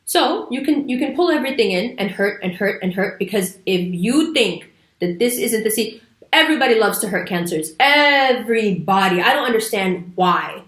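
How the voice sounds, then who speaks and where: A woman giving a casual, emphatic astrology talk to camera, sometimes putting on playful little voices. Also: medium pitch. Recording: echoey room.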